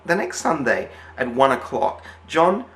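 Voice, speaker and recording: A man's voice: medium pitch, big pitch swings, a little slow, fairly bright tone. A man with an Australian accent telling a story casually, rambling with many fillers and restarts. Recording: roomy echo.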